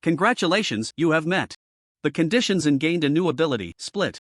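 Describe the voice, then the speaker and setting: A man's voice: a little high, brisk, no room sound, clean studio sound. A man voicing an emotionless, mechanical system voice in a storybook recap. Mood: informing. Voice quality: flat and mechanical.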